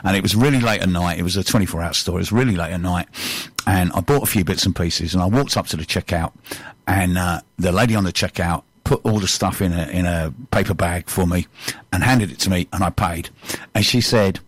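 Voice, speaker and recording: A man's voice: low-pitched, fairly quick, slightly rough, dry recording. A man hosting a podcast, chatty and jokey, telling stories and asking questions. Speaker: podcast host. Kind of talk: casual podcast conversation.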